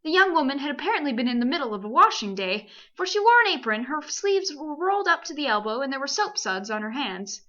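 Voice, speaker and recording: A woman from Canada reading a children's novel aloud in a lively, expressive way. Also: sits high, fast, hardly any pauses, highs cut off. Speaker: amateur audiobook reader. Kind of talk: storybook narration.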